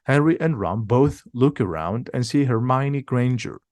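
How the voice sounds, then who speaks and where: A man reads a simplified storybook aloud. His pace is steady and his words are clear. He speaks at a middle pitch, and the recording is dry and close. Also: measured pace, no echo. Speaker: audiobook reader.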